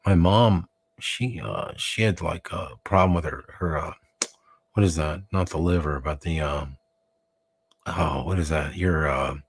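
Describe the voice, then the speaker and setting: A low-pitched man holds forth as the host of a live broadcast, riffing through stories with plenty of fillers and casual swearing. His voice sits close and dry on the mic. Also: measured pace, husky, dry recording. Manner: rambling, joking, profane, frequent fillers and restarts. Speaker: show host.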